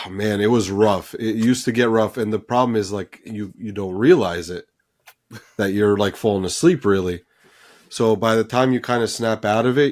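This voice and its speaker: Rambling low-voiced man, podcast co-host. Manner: rambling, self-deprecating, lots of fillers. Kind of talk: casual chat.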